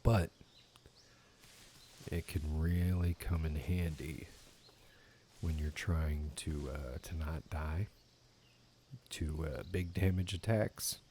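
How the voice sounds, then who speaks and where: A man giving casual gaming commentary, rambling and swearing casually. His voice sits very low and he speaks slowly. Faint game sounds play behind him. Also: fairly even intonation, warm tone, a little hiss or hum. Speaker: gaming YouTuber.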